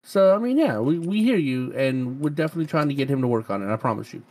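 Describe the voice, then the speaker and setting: A man co-hosting a casual gaming podcast, excitable and quick to gasp and laugh. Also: medium pitch. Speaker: podcast co-host.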